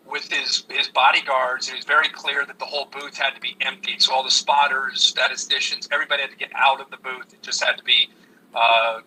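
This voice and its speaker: A man, a sports broadcaster, telling an animated anecdote in an interview. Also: medium pitch, husky, low-quality recording. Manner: animated storyteller with many restarts. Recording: radio call with faint noise.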